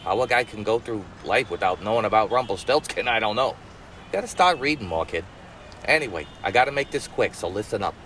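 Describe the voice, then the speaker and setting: Streetwise storyteller uncle, lively pitch, slangy comic fairy-tale retelling, faint city traffic behind. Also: male voice, low-quality recording. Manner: streetwise slang, rushed and wisecracking.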